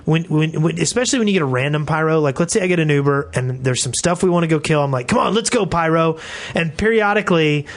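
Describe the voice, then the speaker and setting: A man co-hosting a gaming podcast in casual chat, relaxed and joking. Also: a little high, fast talker, hardly any pauses. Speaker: podcast co-host.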